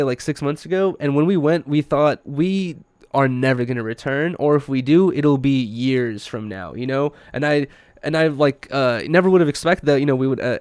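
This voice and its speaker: This is casual podcast chat from a young male host who tells a laid-back story full of slang and filler words. His voice sits in the mid-range with a slightly mellow quality, and there's no room sound.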